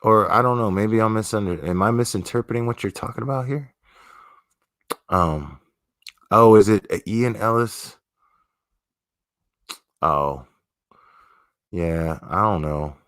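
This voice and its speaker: A man's voice: fairly low pitch, measured pace, long pauses, a bit bright, no room sound, clean studio sound. A man hosting a livestream, chatting casually with viewers in a profane, slangy, laid-back way. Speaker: livestream host.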